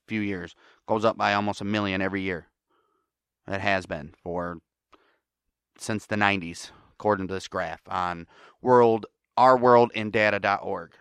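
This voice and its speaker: A man's voice: on the low side, a bit bright, clean tone, dry recording, clean studio sound. A man with an American accent hosting a solo podcast, ranting angrily and swearing often. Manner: angry, profane ranting. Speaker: podcast host.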